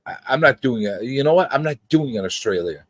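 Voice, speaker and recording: A man's voice: mid-range voice, lively intonation, a little fast, dry recording. A man hosting a casual live-stream chat, joking and teasing his co-host and the chat. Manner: joking, teasing, jumps into silly voices. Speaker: podcast host.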